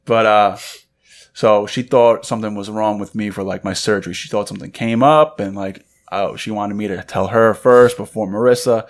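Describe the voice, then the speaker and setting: Speaking at a moderate pace with a lowish voice, this young podcast co-host relates a story in a laid-back cigar chat. He animates it by acting out the quoted voices.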